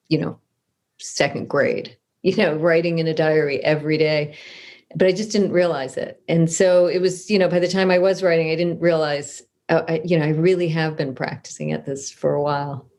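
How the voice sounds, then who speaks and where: Middle-aged woman, lowish voice, chatty author telling stories in an interview, self-deprecating, lots of restarts. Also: steady tone, moderate pace, darkish tone. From Southern California. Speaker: author guest. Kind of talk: conversational interview storytelling.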